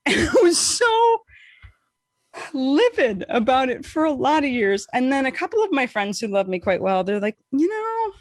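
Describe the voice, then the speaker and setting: A woman podcast co-host telling a casual, animated story, swearing freely and acting out what people said. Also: a little slow, no room sound, clean studio sound. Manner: animated, profane, acts out quotes with big pitch swings.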